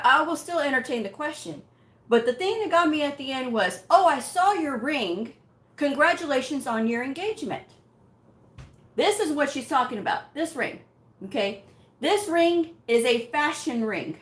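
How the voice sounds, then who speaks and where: A woman's voice: on the high side, fairly bright tone. Blunt, direct woman telling a story. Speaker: medical coding channel host. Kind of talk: casual talking-head rant. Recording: echoey room sound.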